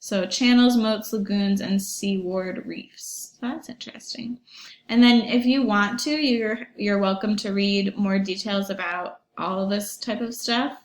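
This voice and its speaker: A woman's voice: mid-range voice, steady tone, measured pace. A young woman teacher talking her class through a website in a recorded online lesson, chatty and upbeat with lots of ums and little asides to the pupils. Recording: echoey room.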